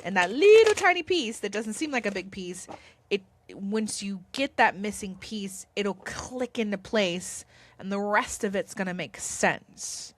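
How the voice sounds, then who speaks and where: A woman's voice: medium pitch, lively intonation, measured pace. A woman vlogger talking to camera about spirituality in an earnest, reassuring, rambling way. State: tearful. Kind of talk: casual spiritual talk to camera.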